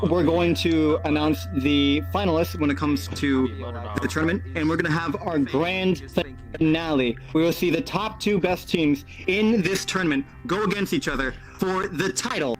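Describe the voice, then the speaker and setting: A man's voice: on the high side, poor audio. A man co-commentating a game tournament, talkative and upbeat as he announces what comes next. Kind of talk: live event commentary. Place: online virtual-reality game session.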